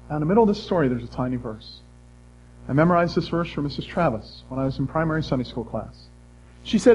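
Middle-aged man preaching; fairly high, husky voice, earnest with hushed drops. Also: expressive, fast talker, dull audio. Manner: earnest, shifts between loud emphasis and hushed tones. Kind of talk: sermon.

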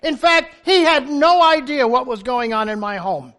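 Animated older man preaching a sermon. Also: extremely high pitch, normal speed. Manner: animated, humorous storytelling with sudden loud emphasis. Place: church.

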